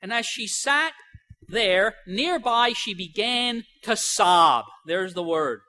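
Bright-voiced older woman preaching. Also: mid-range voice, animated. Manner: emphatic, slows right down on key phrases; swings between soft asides and loud stresses. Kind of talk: sermon.

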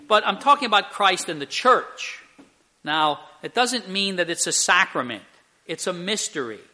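A man's voice: sits high, pushed and bright. An older man preaching a sermon, telling a story earnestly and acting out the people in it. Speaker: pastor.

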